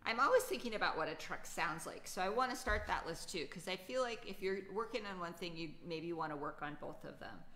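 A woman's voice: lowish voice, lively intonation, brisk, hardly any pauses, a bit bright, a little hiss or hum. A woman teaching a children's poetry lesson, patiently thinking aloud with many fillers. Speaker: writing teacher.

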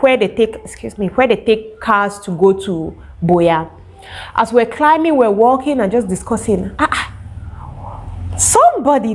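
A young Cameroonian woman telling a casual storytime to her viewers, lively and animated. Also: mid-range voice. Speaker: vlogger.

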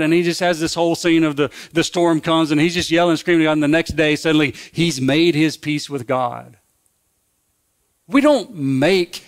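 A man preaching a sermon as pastor, in a conversational, folksy way that repeats and restarts phrases. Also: high voice.

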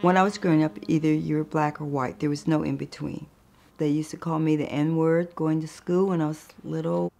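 An older woman photographer telling her life story in a thoughtful, unhurried way. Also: deep voice, fairly even intonation, creaky. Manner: thoughtful, unhurried, with soft laughs. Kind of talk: reflective personal storytelling.

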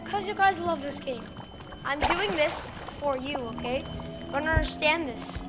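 A woman's voice: high-pitched, measured pace. A woman commenting on her own gameplay for viewers, exasperated and frustrated by the game. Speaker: gaming video creator. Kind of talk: let's play commentary. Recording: loud game music behind.

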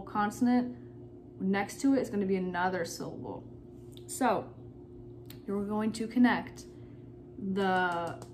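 Young woman teacher for a recorded phonics lesson; slow, patient delivery that sounds out syllables, mid-pitched. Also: slight background noise.

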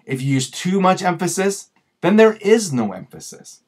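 A man hosting a tutorial video, explaining patiently through examples and slowing down to stress key words. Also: high-pitched, big pitch swings. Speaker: grammar and communications video host.

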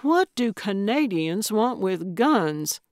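A woman voicing a feisty, eccentric elderly woman amateur sleuth, quick-witted and cheeky in an audiobook. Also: mid-range voice, sing-song, dry recording, clean studio sound. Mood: surprised.

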